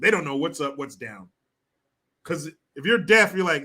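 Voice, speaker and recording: A man hosting a casual commentary stream, reading viewer comments aloud with crude, mocking asides. His voice sits high and bright, with a lively, swinging delivery. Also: moderate pace. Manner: crude and mocking, laughs often. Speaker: host of a commentary livestream.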